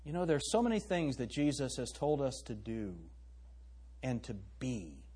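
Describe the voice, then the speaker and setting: Pastor, middle-aged man, husky and lively, emphatic sermon with questions to the congregation. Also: medium pitch, moderate pace.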